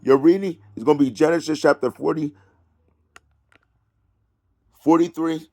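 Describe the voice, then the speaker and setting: A man reading scripture aloud and breaking off into loud preaching and taunting, drawling slowly through the verses. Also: a little high, fairly even intonation. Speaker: self-styled preacher.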